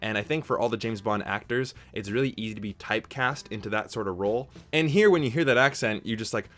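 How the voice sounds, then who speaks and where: A young man hosts a casual movie review vlog, his channel-host voice lowish, quick, and a bit bright. He talks enthusiastically and informally, with faint music in the background.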